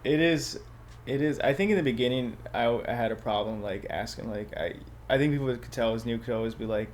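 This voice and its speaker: A man's voice: mid-range voice, fast. Man, comedian guest, casual studio chat, rambling, curses a lot, faint noise behind. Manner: loose and rambling, heavy "like" filler and frequent swearing. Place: podcast studio.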